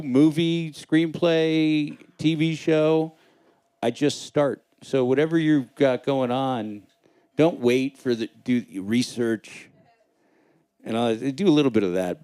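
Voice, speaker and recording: A male comedian spins blunt, easygoing stories on a live panel. His voice is mellow and low-key, and the sound is close and dry. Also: dry recording. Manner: storytelling, blunt, swears casually. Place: live panel in a lodge room.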